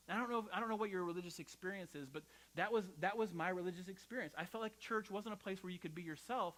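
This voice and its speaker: Bright-voiced conversational pastor, a man. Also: fairly high pitch, rough recording. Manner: conversational, personal storytelling with frequent "right?". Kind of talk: sermon.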